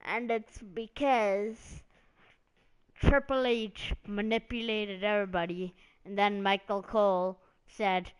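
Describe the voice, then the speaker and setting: A woman's voice: mid-range voice, fairly even intonation, unhurried, clear, resonant tone. A woman hosting a casual live stream about wrestling, rambling along with lots of "like" and "um" as she recaps storylines. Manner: rambling, meandering, heavy on "like" and "um".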